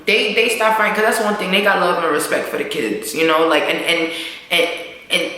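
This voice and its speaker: A woman's voice: lowish voice, brisk. A woman recapping a TV episode in a casual, slangy way, swearing freely and acting out what the characters say. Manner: animated, slangy, swears, acts out characters' lines. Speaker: show recap vlogger. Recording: echoey room.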